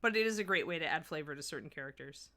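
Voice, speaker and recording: A woman from the American Midwest hosts a painting livestream and chats casually with her viewers. Her voice sits a little low but has a bright, forceful edge. She talks easily while working and often restarts her sentences. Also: animated, very fast. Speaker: miniature painting host. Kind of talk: livestream painting tutorial, answering chat.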